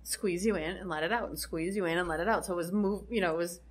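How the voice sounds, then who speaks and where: A woman's voice: fairly low pitch, fast, slightly rough. A woman co-hosting a casual podcast, explaining facts with many ums and restarts. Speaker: podcast co-host. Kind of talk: casual chat.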